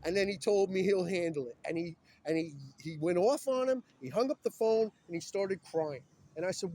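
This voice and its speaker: A man's voice: high voice, expressive, normal speed, warm tone, a little hiss or hum. A man talking in an agitated, urgent and rambling way while filming himself on his phone outdoors beside a busy road. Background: passing vehicles.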